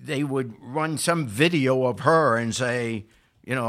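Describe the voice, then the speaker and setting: An older man giving political commentary as a show regular, building from calm remarks to impassioned, indignant emphasis. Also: mid-range voice, moderate pace. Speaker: podcast regular.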